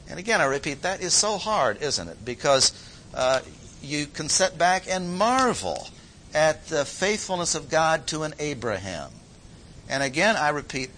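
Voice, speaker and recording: A man preaching a sermon, emphatic, repeating key phrases slowly with sudden jumps in pitch. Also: pushed and bright, slight background noise, rough recording.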